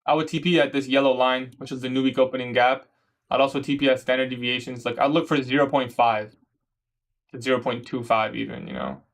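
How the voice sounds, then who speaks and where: A young man from Canada casually chatting on a trading livestream, answering viewer questions in a relaxed, slangy way. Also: mid-range voice, brisk, creaky. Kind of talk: casual livestream chat reading comments.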